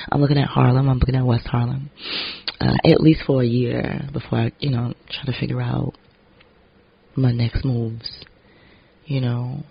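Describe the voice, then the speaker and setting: A man with a raspy voice, talking through a casual vlog monologue in a candid, rambling way with plenty of swearing. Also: mid-range voice, highs cut off. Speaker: vlogger and actor.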